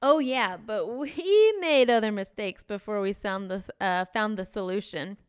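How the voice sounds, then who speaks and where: A woman co-hosting a teaching podcast, upbeat and quick to laugh. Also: medium pitch, animated, clean tone. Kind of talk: casual podcast chat.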